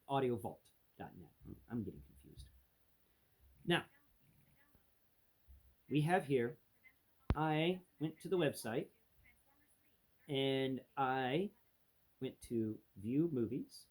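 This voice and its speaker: A man's voice: mid-range voice, darkish tone, slightly rough. A man vlogging a casual, exasperated review, ranting with lots of restarts. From United States.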